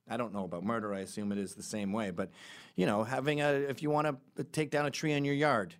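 A man hosting a podcast, telling stories in a casual comedic monologue with quick asides. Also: lowish voice. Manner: animated storytelling with quick asides and laughs. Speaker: podcast host.

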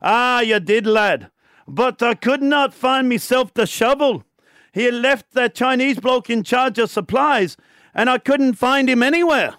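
A man's voice: extremely high pitch, a little slow, a bit bright, clean tone, no echo, pitched above the performer's own voice. A man voicing a stubborn laborer, calling the foreman "lad". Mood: defensive. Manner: broad, calls people lad. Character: old Scottish laborer, stubborn.

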